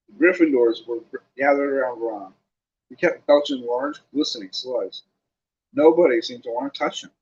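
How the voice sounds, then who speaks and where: Male home audiobook narrator; expressive, muffled sound. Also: mid-range voice, moderate pace. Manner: lively reading with casual asides. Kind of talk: audiobook reading.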